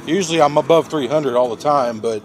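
Man, folksy barbecue vlog host, slightly high voice, casual outdoor chat, faint background noise. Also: fairly quick. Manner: folksy, chatty, addresses viewers as folks and y'all. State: coughing from pepper rub. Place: outdoors by a smoker.

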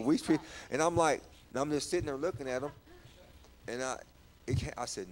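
A man telling his personal testimony in a church talk, halting and repeating words, his voice rising when he is stirred. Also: medium pitch, darkish tone, slight background noise. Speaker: guest sharing testimony.

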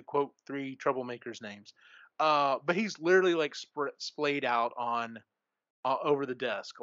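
A podcast host with a bright, forceful mid-range voice casually retells a book's plot, rambling through fillers and restarts. There's no echo, but the lo-fi recording sounds dull.

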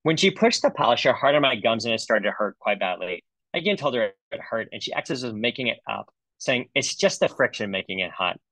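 A man's voice: medium pitch, sing-song, fairly quick, a bit bright, dry recording, poor audio. A man reading out a review while playing an indignant, complaining woman dental patient, in a lightly melodramatic tone. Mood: aggrieved.

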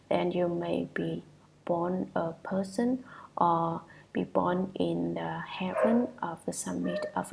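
A woman giving a measured, deliberate reading of a Buddhist sutra commentary, often trailing off into a whisper. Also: lowish voice, gravelly, very noisy.

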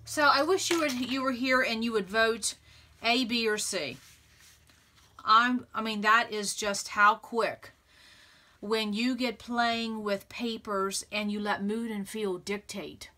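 Woman, crafting host, excitable, chatty, laughs often, bright clear tone. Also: a little high, slow. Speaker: scrapbooking channel host. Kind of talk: casual crafting tutorial chat.

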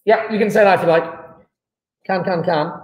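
A man's voice: high voice, moderate pace, roomy sound, poor audio. A man teaching a chemistry class online, chatty and teasing with his students.

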